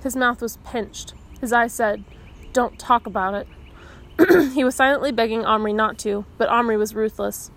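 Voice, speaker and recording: A woman reading a children's novel aloud, expressive, giving the dialogue its own voices. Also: fairly high pitch, moderate pace. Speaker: audiobook reader.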